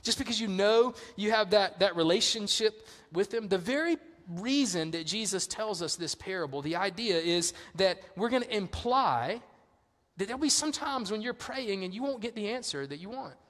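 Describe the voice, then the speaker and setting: A man preaching a sermon as a pastor, conversational and animated in his storytelling. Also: sits high, normal speed, big-room sound.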